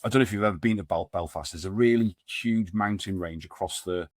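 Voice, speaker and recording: Man, very deep voice, middle-aged, rambling, lots of ums, dry sound. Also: fairly quick, dry recording. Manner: rambling, many fillers and restarts. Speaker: podcast guest, men's support group founder. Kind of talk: casual storytelling conversation.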